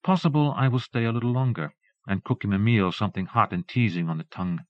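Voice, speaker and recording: A man with a fairly low voice reads an audiobook in a calm, measured literary manner. The sound is dry and close, with no room around it. The dull, lo-fi tone of an old cassette transfer hangs over every word. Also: no echo. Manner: measured, even literary reading. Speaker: audiobook narrator. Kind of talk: scripted audiobook narration.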